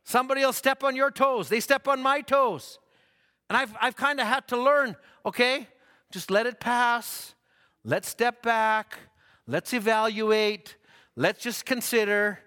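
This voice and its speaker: Preacher, male, bright forceful tone, folksy pulpit delivery in a reverberant sanctuary. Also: very high-pitched, a little slow, smooth. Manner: folksy, repeats himself, laughs at own stories. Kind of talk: sermon.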